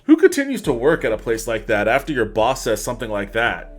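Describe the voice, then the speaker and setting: A man's voice: mid-range voice, huge pitch swings, fairly quick, faint music behind. Casual wry male podcast host. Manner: casual and wry, stumbles over names and restarts. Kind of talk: livestream podcast, reading articles aloud with commentary.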